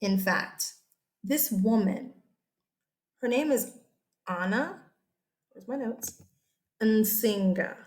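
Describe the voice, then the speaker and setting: A woman's voice: medium pitch, lively intonation, extremely slow, pauses often. A woman teacher giving a casual, chatty history lecture over slides. She often checks in with her listeners.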